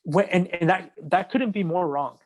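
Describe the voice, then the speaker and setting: A man's voice: high-pitched, normal speed, darkish tone. Earnest male podcast guest. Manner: earnest and repetitive, restarting phrases, building to points. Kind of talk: casual podcast conversation.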